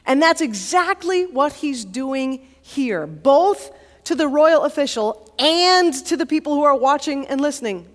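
A woman college chaplain preaching a sermon in a relaxed, conversational storytelling manner. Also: high-pitched, unhurried. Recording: long hall reverb.

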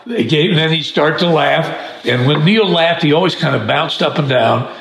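A man hosting a podcast interview, telling an anecdote and a joke with lively energy and easy laughter. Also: a little high, normal speed, creaky, roomy sound, poor audio. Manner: animated joke-teller, laughs easily. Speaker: podcast host. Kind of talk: conversational interview with storytelling.

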